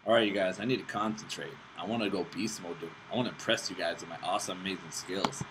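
A young man hosting casual gameplay commentary, excitable and self-mocking, swearing often while playing on a laptop with friends nearby. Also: low voice, fast talker. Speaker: gaming channel host. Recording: steady background noise with mouse clicks.

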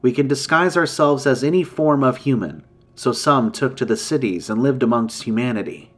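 A man voicing an ancient, grave female dragon in human form, speaking in a measured, formal way in a campfire story. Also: medium pitch, close to an everyday voice. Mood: solemn. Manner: solemn, measured, formal speech.

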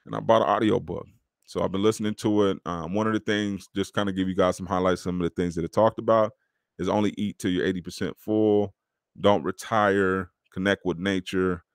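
Low-voiced casual podcast host, a man. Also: vocal fry, no echo, clean studio sound. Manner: casual, preachy, slangy, addresses listeners as dog. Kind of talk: motivational podcast monologue.

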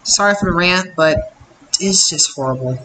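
A man's voice: high voice, normal speed, pushed and bright, a little hiss or hum. A young man hosting a reaction channel, ranting bluntly and repeating himself in exasperation. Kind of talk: casual reaction rant. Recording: echoey room with faint ambience.

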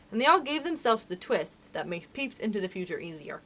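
A librarian reading a storybook aloud to children in a friendly, expressive way. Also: female voice, medium pitch, brisk.

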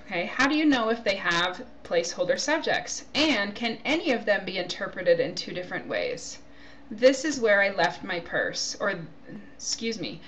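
A woman's voice: mid-range voice, a bit bright, a little hiss or hum. A woman giving a recorded grammar lecture, explaining points through spoken example sentences and checking in with "okay?". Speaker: grammar teacher.

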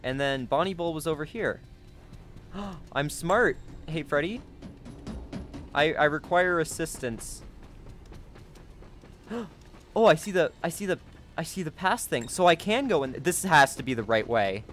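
A man giving let's play commentary, jumpy and excitable, gasping and yelping at scares. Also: a little high, measured pace, long pauses, soft background music. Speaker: gaming YouTuber.

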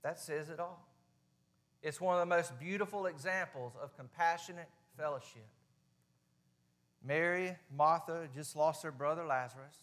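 High-voiced Southern preacher. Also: male voice, normal speed. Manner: folksy and plain-spoken, swinging between loud and hushed. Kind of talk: sermon. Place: church sanctuary.

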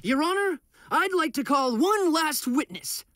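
A bossy teen boy hero from a TV cartoon. He talks fast and showy, with a fairly high voice that leaps around. Faint noise sits behind him. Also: lively intonation. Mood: scheming. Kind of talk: TV cartoon voice acting.

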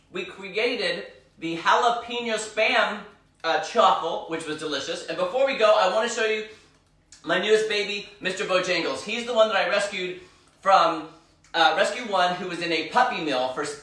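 A man's voice: high-pitched, bright, forceful tone, roomy sound, recorded from a distance. A man chatting bubbly and gushing while he cooks on a live stream from his home kitchen. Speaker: home cooking vlogger. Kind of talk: live cooking stream chat.

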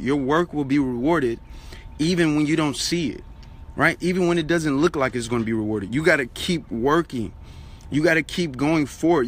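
A man's voice: medium pitch, fairly bright tone. A man giving an urgent, repetitive motivational Bible talk as an online preacher, urging viewers to keep working.

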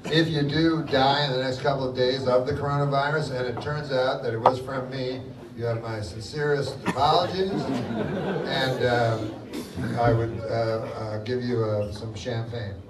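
An older man doing a live stand-up set, deadpan and rambling with lots of profanity. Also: medium pitch, measured pace. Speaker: stand-up comedian. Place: live comedy venue with audience. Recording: echoey room from far off with loud crowd noise.

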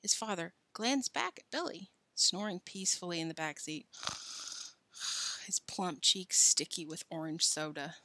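A woman reading a children's novel aloud in an animated, expressive way. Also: on the low side, a little slow, no room sound. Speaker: reader.

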